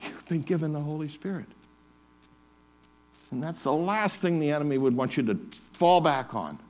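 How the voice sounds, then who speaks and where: Male pastor, fervent sermon delivery, slightly high voice with a lively swing, builds to loud emphatic peaks. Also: normal speed. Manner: passionate, rising to loud emphatic bursts on scripture. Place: church.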